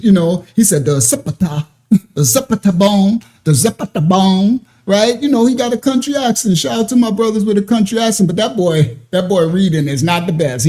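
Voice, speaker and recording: Man, high voice, casual reaction commentary, teasing, laughing. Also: dark tone. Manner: laughing, joking, drawn-out teasing. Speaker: commentary host.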